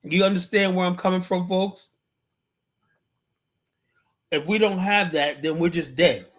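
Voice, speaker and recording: A man holds forth in a streamed monologue. His voice sits a little high for a man, and he drives his points home through repetition and rhetorical questions. He trails off as he hunts for words, then pushes on. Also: unhurried, fairly bright tone. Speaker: political commentary streamer. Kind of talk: livestream monologue.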